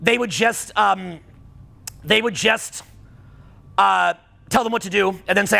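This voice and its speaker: The middle-aged coach's high voice is creaky, bright and forceful, though his pace stays measured. He teaches dating and social skills to a live audience with bluntness, profanity and occasional heated bursts.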